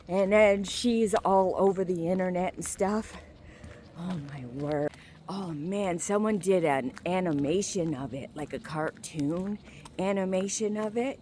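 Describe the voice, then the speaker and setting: A woman rambles along in an unhurried, low voice while walking a small-town street. She fills her talk with ums and likes, now and then dropping to a hush. The phone's mic catches her outdoors with faint ambient noise behind her. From Maine. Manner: rambling, filler-heavy, sometimes hushed. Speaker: vlogger. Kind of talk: casual walking vlog.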